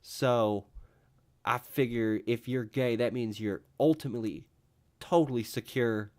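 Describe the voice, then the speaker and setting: A man's voice: mid-range voice, unhurried, darkish tone. A young man hosting his own talk show, rambling casually with lots of fillers and restarts. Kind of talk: casual solo vlog monologue.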